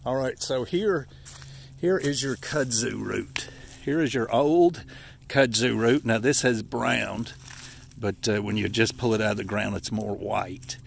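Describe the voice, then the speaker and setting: A man's voice: mid-range voice, unhurried, vocal fry, slight background noise. A man, slightly out of breath and stuffy-nosed, giving a folksy, rambling walk-through of wild plants outdoors in a yard. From Appalachia, United States. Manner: folksy, rambling, corrects himself. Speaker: forager showing wild edibles. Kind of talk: casual walking vlog.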